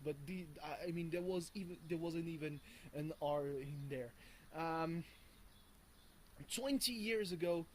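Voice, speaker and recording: A man's voice: on the high side, a little mellow, slight background noise, rough recording. A man, rambling casually and swearing freely while vlogging from home on a hot morning. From France. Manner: rambling and profane, with many fillers and chuckles. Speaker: video blogger.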